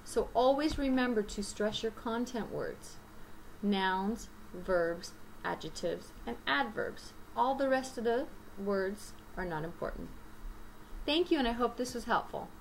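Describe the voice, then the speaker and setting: A woman teaching an English lesson, speaking slowly and deliberately and listing items one by one. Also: a little high, lively intonation, a little hiss or hum, poor audio. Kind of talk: recorded grammar lesson.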